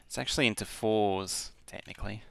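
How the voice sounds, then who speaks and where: A man's voice: fairly low pitch, steady tone, a little fast, creaky, a bit bright, no room sound. A man streaming a game, slightly tipsy from beers, mumbling half-sentences and counting aloud to himself as he builds. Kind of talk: casual muttering while playing.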